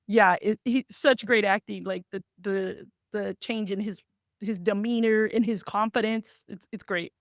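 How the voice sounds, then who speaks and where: A woman's voice: fairly high pitch, normal speed, no echo, clean studio sound. A woman hosting a podcast, chatting casually and animatedly, laughing as she talks. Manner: animated, laughs while talking. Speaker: podcast host.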